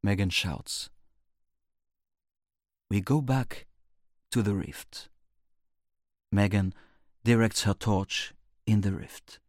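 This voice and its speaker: A man's voice: fairly low pitch, slow pace, long pauses, dry recording, clean studio sound. Man narrating a bilingual storybook.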